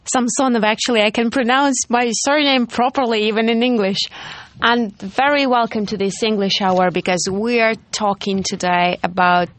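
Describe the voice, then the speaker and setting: A woman radio host with a Russian accent, interviewing in English with halting restarts and easy laughs. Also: a little high, steady tone. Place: radio studio. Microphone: studio microphone.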